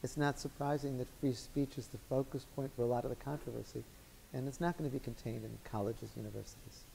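A man with a Chicago accent, a guest lecturer giving measured, articulate legal answers in a law school lecture room. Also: mid-range voice, fairly even intonation, vocal fry, warm tone, a little hiss or hum. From Chicago, United States.

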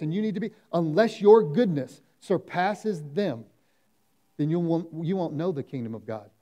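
A man with a fairly high, mellow voice and an Oklahoma accent preaching a sermon. He talks in a loose, conversational way and slips into the voices of the people he quotes. His delivery stays relaxed and warm in tone. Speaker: pastor. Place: church sanctuary.

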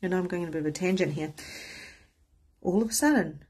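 A woman's voice: lowish voice, quick pace, breathy edge. A woman giving a candid, casual motivational talk as a spiritual coach, swearing freely and acting out the voices of people she quotes.

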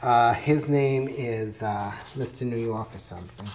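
A man's voice: mid-range voice, a little slow, darkish tone, slight background noise. A middle-aged man casually retelling a comic book plot, rambling with many fillers and restarts. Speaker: comics reviewer.

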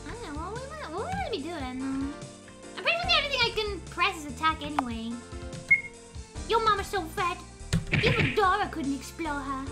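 A woman's voice: extremely high pitch, sing-song, a little fast. A woman streamer playing a game live, talking in a goofy, dramatic way and joking a lot. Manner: goofy, dramatic, swears with abbreviations. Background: game music.

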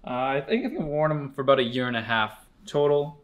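A man's voice: mid-range voice, a little fast. Laid-back man talking through his outfit. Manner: relaxed, chatty, hesitant fillers. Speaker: store staff member. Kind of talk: casual fit-check vlog.

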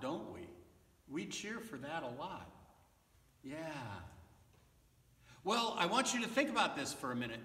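Slow, gentle pastor giving children's sermon. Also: male voice, high voice. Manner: gentle, slow, coaxing, asks children questions. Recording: echoey, reverberant, from far off.

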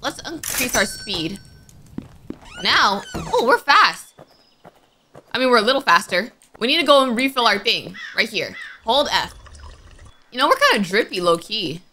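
A young woman chatting through a game as she plays, bright and lively, her pitch leaping around as she startles and squeals. Her voice sits a little high, with a faint hiss of noise underneath. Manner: jumpy and excitable, quick to panic and squeal. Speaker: gaming YouTuber. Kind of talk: let's-play commentary.

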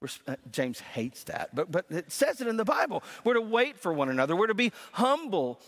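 A man's voice: sits high, very animated, fairly quick, a bit bright. A man preaching a sermon as pastor, in a conversational way, often repeating words as he starts a phrase. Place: church sanctuary. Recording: long reverb of a church hall.

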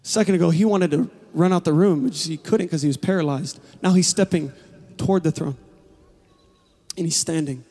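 A man preaching a sermon as pastor, building from quiet, low passages to passionate, shouted climaxes. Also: brisk. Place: large church hall. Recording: long hall reverb.

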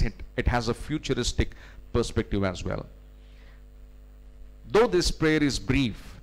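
A man as pastor giving a teaching sermon, explaining scripture step by step with frequent "you know" fillers. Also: medium pitch.

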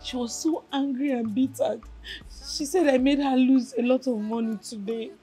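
A woman's voice: high voice, moderate pace, dark tone, slightly rough, faint music behind, rough recording. A hurt, humiliated young woman. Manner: subdued, hurt, recounting.

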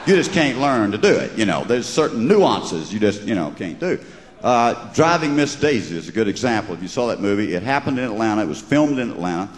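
A middle-aged stand-up comedian from the American South, with a Georgia drawl, tells wry, mocking stories to a live audience in a large venue. His lowish voice is very animated and brisk, and the hall echoes with the crowd audible behind him.

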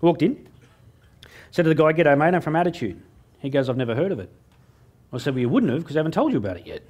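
Aussie guy doing a keynote, fairly high voice that bounces all over, cheeky punchline stories, plays out both sides of the chat. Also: big pitch swings, quick pace, a little mellow. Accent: Australian. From Australia. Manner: cheeky storytelling, acting out dialogue with a jokey punchline rhythm. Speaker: motivational speaker. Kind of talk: keynote speech to a live audience.

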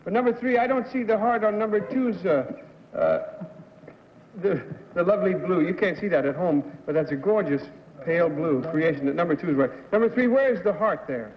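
A higher-voiced man on a game show panel, asking questions in a joking, halting way. His voice comes through a dull 1960s TV recording in a studio with a long echo. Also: expressive, a little hiss or hum. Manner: joking, hesitant.

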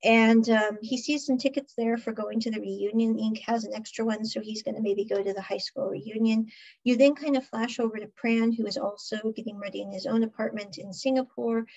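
Female podcast host, higher breathy voice, chatty recap, lo-fi muffled recording. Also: fairly quick. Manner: chatty, animated retelling with laughs. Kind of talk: casual drama recap. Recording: dull lo-fi recording.

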